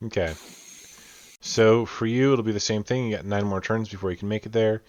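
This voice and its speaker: A man with a fairly low voice runs a tabletop game as game master. He talks through each scene at length, with plenty of fillers. The sound is dull and lo-fi, and very dry. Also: fairly even intonation, a little fast, darkish tone, dry recording. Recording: dull lo-fi audio.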